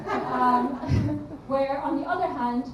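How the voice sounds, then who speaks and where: A woman's voice: high voice, slow, far from the mic, background noise. A young woman performing stand-up comedy on a club stage, chatty and self-deprecating, with many ums and restarts. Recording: echoey room, mic heard from afar, crowd.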